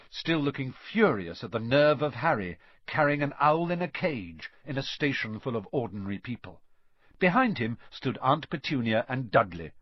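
A man narrating a children's fantasy audiobook in an expressive storytelling style. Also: mid-range voice, husky, no echo. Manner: expressive storytelling with lively phrasing. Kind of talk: scripted narration. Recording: dry, slightly dull studio audio.

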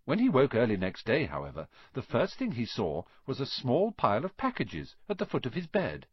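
A man narrating an audiobook in an expressive storytelling manner. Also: medium pitch, moderate pace, husky, dry recording. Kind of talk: scripted narration. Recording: dry, slightly dull lo-fi sound.

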